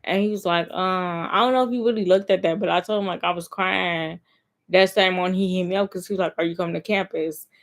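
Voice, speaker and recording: Rambling young woman vlogging, lowish voice. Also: steady tone, fast talker. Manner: rambling, emphatic, lots of "like". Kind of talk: casual story time to camera.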